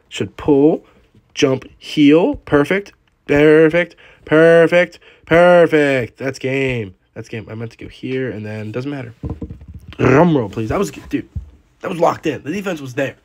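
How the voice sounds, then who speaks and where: A young man giving live commentary over his own gameplay, excitable, swinging from quiet muttering to loud outbursts at the game. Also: mid-range voice, slightly rough. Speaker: gaming YouTuber.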